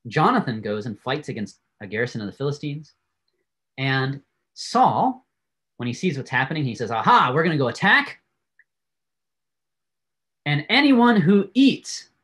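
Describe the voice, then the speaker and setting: Brief: male Bible teacher, lively and expressive, swinging pitch, laughs easily. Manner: animated storytelling, frequent laughs. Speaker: Bible class speaker. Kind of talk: Bible class lecture.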